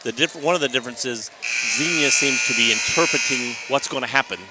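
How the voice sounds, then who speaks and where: A man doing live play-by-play commentary of a high school volleyball match, chatty and rambling, often restarting his sentences. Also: a little fast. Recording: noisy gym ambience. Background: gym noise, balls bouncing.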